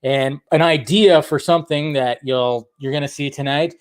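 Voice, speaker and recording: Young man, live-stream host, rambling casual chat, slightly high voice. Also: normal speed, clear, resonant tone. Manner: rambling, chatty, talks to viewers in chat.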